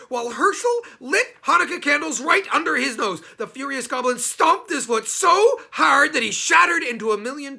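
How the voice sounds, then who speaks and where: A man reads a storybook aloud in an expressive, unhurried way. His voice is bright and gravelly with a breathy edge. His pitch rises and falls widely.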